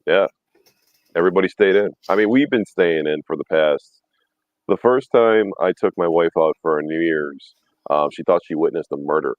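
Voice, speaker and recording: A man's voice: sits low, moderate pace, no room sound, narrow, tinny audio. A man in his thirties telling rambling, profane stories in casual chat, laughing often. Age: 30s. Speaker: podcast host.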